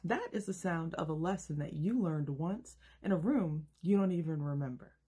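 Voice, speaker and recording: A woman in her thirties giving an emphatic, rhetorical self-help monologue with dramatic pauses. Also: low-pitched, dark tone, husky. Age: 30s. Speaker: self-help video host. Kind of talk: scripted motivational monologue.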